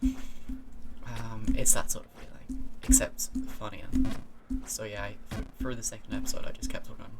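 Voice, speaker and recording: A streamer with an English accent, chatting loosely through a game session. They ramble and curse, break off and restart sentences, and sit at a middle pitch. Loud game music plays underneath the whole time. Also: steady tone, normal speed. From England, Cambridge area. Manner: rambling, swearing, self-interrupting. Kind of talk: casual gaming stream chat.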